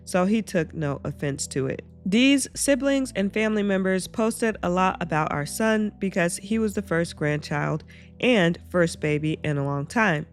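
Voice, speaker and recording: A woman reading online stories aloud as host of her channel, breaking off into animated asides and reactions. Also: lowish voice. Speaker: reddit story reader and reactor.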